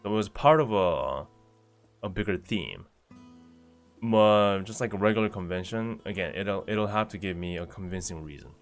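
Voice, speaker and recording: A man's voice: deep voice, normal speed, soft background music. A man streaming casually, reading viewer messages aloud and answering them one by one in a chatty way. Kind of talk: casual livestream chat.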